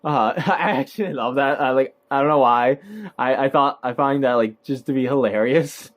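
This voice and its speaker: A man's voice: mid-range voice, moderate pace. Rambling man recapping a movie. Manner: rambling, filler-heavy, laughs at own points. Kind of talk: casual movie breakdown.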